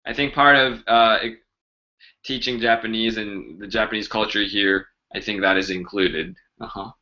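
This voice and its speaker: Casual guy joking his way through a live q&a lesson, sharp bright voice, kinda muffled stream sound. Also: fairly low pitch, moderate pace. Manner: chatty, joking, animated. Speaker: language teacher hosting a live Q&A.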